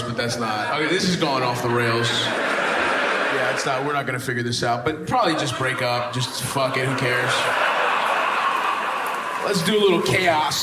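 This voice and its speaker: A male stand-up comedian from the US doing crowd work before a live audience, teasing people with profane jokes and laughing through his lines. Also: mid-range voice. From United States. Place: music venue stage before a live audience. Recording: echoey club room with loud crowd noise.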